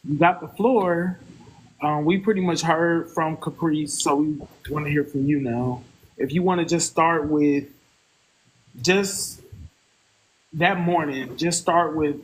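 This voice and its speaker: A man hosting a casual live stream, talking loosely with many fillers and pauses. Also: fairly high pitch, slight background noise, rough recording. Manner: loose, halting, full of fillers.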